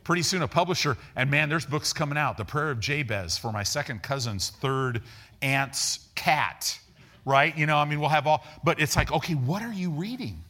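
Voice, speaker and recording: A man preaching a sermon in a folksy, animated way, acting out the people in his stories and repeating words as he builds each point. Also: moderate pace. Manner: animated, acts out dialogue with raised pitch. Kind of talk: sermon with storytelling.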